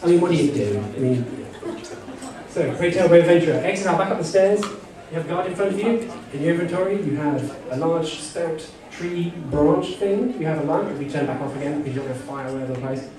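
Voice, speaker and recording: Guy gm-ing a text adventure, high voice, jokey and rambly, echoey hall, mic far off, crowd around. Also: fairly quick. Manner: jokey and rambling, full of "you know" asides, laughing often. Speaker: game master. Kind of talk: improvised narration of a live text-adventure game. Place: convention panel room with an audience.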